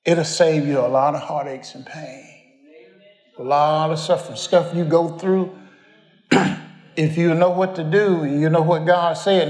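A man's voice: on the high side, darkish tone, roomy sound. An older man, preaching a folksy storytelling sermon, rambling and homespun as he addresses the congregation.

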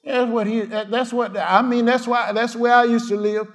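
A man preaching a fiery sermon, repeating short declarations and swinging from loud cries to hushed murmurs. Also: very high voice, flat delivery, moderate pace. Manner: repetitive declarations and cadences.

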